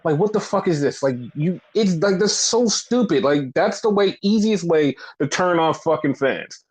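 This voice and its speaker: Young male podcast co-host, high-pitched, profane rant, filler-heavy. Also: expressive, normal speed, slightly rough. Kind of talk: casual critical rant.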